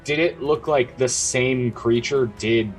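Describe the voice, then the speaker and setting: A man's voice: mid-range voice, slow pace, soft background music, low-quality recording. A man playing at a tabletop game, asking the game master careful questions. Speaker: player. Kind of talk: casual chat at a game table.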